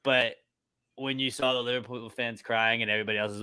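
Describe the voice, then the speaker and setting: Bright, forceful man in fan chat. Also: mid-range voice, steady tone, fast, smooth, dry recording. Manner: rambling, frequent restarts, casual swearing. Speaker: podcast co-host. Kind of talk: casual sports chat.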